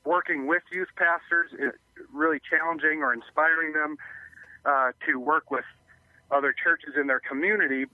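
A man's voice: on the high side, dry recording. A man interviewed by phone as a youth ministry guest, explaining in an earnest way. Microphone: telephone. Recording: tinny phone line.

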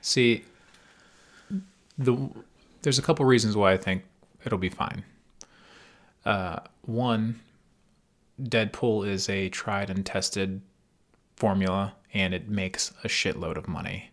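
A man co-hosting a casual podcast, chatting about movies in a relaxed way and swearing casually. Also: on the low side, takes it slowly, pauses often. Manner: laid-back, swears casually. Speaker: podcast co-host.

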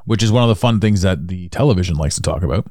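A man's voice: sits low, animated, fast, darkish tone, no room sound, clean studio sound. A man with a Canadian accent hosting a solo podcast, talking in a rambling, repetitive way that circles back on his points. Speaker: podcast host.

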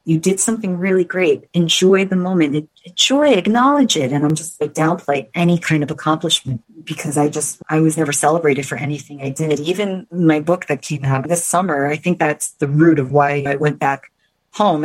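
A woman's voice: low voice, steady tone, brisk, a little mellow, poor audio. A middle-aged woman from New York, candidly telling her personal story in an interview, reflective and often restarting words. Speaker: guest.

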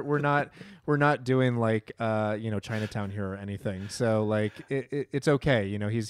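A man's voice: mid-range voice, smooth, dry recording, clean studio sound. A man co-hosting a movie podcast, hedging his points with many fillers. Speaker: podcast co-host. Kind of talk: casual movie discussion.

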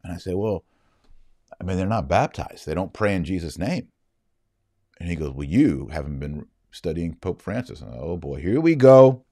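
Casting: man, very low voice, emphatic storyteller, dry close sound. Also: moderate pace, warm tone, no room sound. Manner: emphatic, indignant retelling. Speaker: Catholic commentator. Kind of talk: storytelling monologue.

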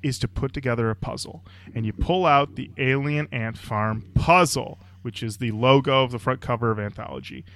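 A man co-hosting a comedy podcast, riffing in a playful mock sales pitch and acting out little scenes. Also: moderate pace, hardly any pauses, fairly bright tone, no room sound. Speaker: podcast co-host.

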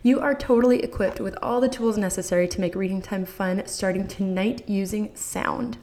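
A woman podcast host with a medium-pitched, slightly mellow voice at a moderate pace speaks directly to listeners. She offers parents advice that's enthusiastic and encouraging.

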